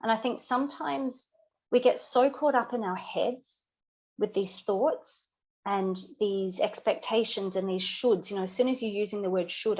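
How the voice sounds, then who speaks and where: A woman's voice: medium pitch, normal speed, a little mellow, highs cut off. A woman guest who coaches business builders, explaining ideas earnestly in a reflective podcast conversation, with many "you know" asides.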